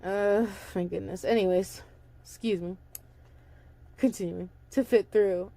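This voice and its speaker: Her voice is mid-range, steady, and dark, with a measured pace and frequent pauses. This young audiobook reader casually reads a story, tripping over words, starting over, and drifting into chatty asides.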